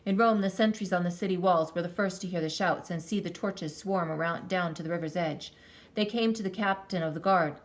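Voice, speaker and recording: A woman reading a children's story aloud with expressive, lingering delivery. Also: lowish voice, brisk. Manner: expressive, lingering on counts and sound words.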